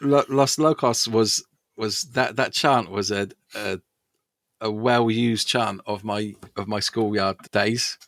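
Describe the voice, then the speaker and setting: A man co-hosting a casual podcast, rambling excitedly about films and laughing often. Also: fairly low pitch, slow pace, no echo, studio quality. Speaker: podcast co-host. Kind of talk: casual chat. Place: home podcast setup.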